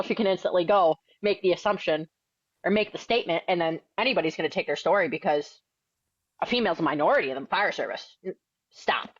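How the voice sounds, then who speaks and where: A young woman from New England tells her firefighting story in a podcast interview, outspoken and slangy. Her voice sits low for a woman and the sound is close and dry. The recording is slightly dull and lo-fi. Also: dry recording. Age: 20s. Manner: blunt, outspoken, slangy and quick. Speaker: firefighter and author, podcast guest.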